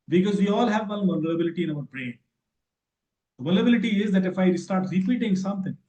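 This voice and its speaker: A man's voice: high voice, a little mellow. Emphatic Indian man lecturing in an echoey hall. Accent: Indian English. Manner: emphatic, repetitive storytelling. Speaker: cyber safety trainer. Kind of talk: teacher training lecture.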